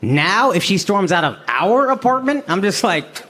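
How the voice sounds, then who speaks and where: A man's voice: high voice, sing-song, normal speed, very noisy. An American man in his thirties from Texas doing brash, profane stand-up comedy with crowd work, recorded live on stage.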